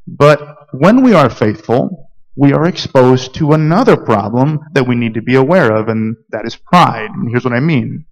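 A pastor from Georgia preaching a sermon, telling stories earnestly with frequent fillers and restarts. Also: male voice, mid-range voice, poor audio.

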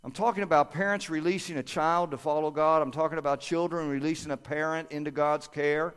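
A man's voice: mid-range voice, smooth. A man preaching a sermon through a personal story, talking conversationally and acting out family members' voices. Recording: long hall reverb.

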